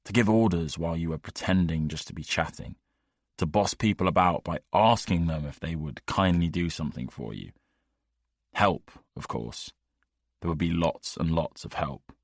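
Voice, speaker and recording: Low-voiced man narrating an audiobook. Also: moderate pace, no room sound, clean studio sound.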